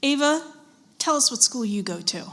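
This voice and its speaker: A woman serving as pronouncer at a spelling bee, reading out words and dictionary definitions in a measured, deliberate way and prompting contestants politely. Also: high-pitched, animated, fairly bright tone. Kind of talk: formal competition announcing. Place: school event hall.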